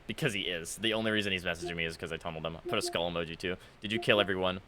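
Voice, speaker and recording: A man's voice: deep voice, racing, few pauses, sharp tone. A young man giving casual, sarcastic commentary while reading out chat messages from a game, exasperated and mocking. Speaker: gaming content creator.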